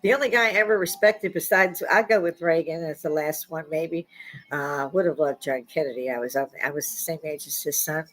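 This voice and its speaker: A woman's voice: low-pitched, brisk, a bit bright, rough recording. A woman in her sixties from the United States, delivering a blunt, profane, riled-up opinion monologue with sudden outbursts. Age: 60s. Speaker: vlogger.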